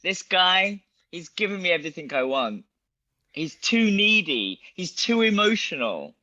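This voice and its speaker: Bright-voiced animated man, dull dry sound. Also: high voice, a little slow, no room sound. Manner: animated storyteller, swears, acts out quotes. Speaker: guest, bodywork practitioner. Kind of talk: casual conversation.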